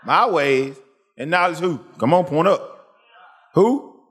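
A man's voice: a little high, slow, husky. A man preaching a sermon in call-and-response style, pushing the congregation to answer him. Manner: animated, calls for congregation responses.

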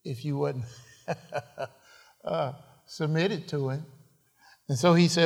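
A man delivers a slow, deliberate sermon in a creaky, somewhat dark voice that sits a little high for a man, his intonation fairly even. He relies on rhetorical questions and bursts into sudden emphatic phrases, each line trailing off in the long reverb of what sounds like a large church hall.

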